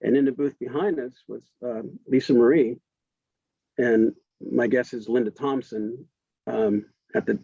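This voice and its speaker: A man's voice: mid-range voice, mellow, slightly rough, dry recording, dull audio. A man in his fifties, a guest in an interview, telling a casual story with frequent restarts and laughs. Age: 50s.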